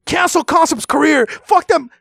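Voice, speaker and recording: A man's voice: very high-pitched, moderate pace, creaky, no echo, studio quality. A man co-hosting a casual podcast, ranting with strong opinions and plenty of swearing. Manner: animated, profane, opinionated ranting. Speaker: podcast co-host and music reviewer. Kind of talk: casual chat.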